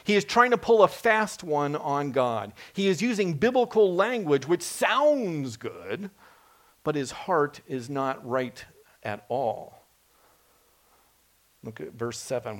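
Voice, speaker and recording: A man preaching a sermon, animated and dramatic as he voices scripture quotes. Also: on the high side, a little slow.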